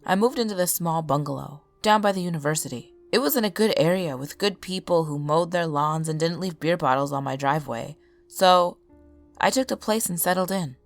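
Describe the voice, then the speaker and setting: A woman voicing a weary, haunted drifter man who talks in a flat, even way, in a spoken horror story. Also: fairly low pitch, fairly quick, creaky, faint music behind. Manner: flat, even, burdened delivery.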